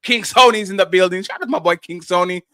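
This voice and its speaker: A man hosting a live stream, loudly reading out and reacting to chat messages. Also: high-pitched, quick pace, no echo. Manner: loud, animated, shouts out chatters. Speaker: livestream host.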